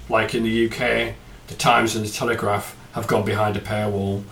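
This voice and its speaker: A man's voice: medium pitch, fairly bright tone. A man hosting a podcast, chatting casually and cracking self-mocking jokes. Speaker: podcast host.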